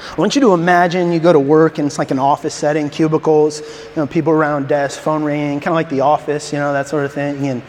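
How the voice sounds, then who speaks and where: A man preaching a sermon as a pastor, telling a story in an animated way with stammering restarts. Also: on the high side, quick pace, a little hiss or hum. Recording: long reverb in a large hall.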